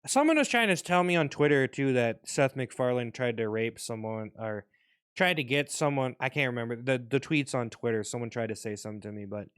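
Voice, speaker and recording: A young man rants casually on his vlog, rambling and swearing freely as he restarts his thoughts. His voice is smooth and resonant at a mid pitch. The recording is dry and close. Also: animated, brisk, a bit bright, dry recording. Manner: rambling, profane, restarts often. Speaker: vlogger. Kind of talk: casual rant.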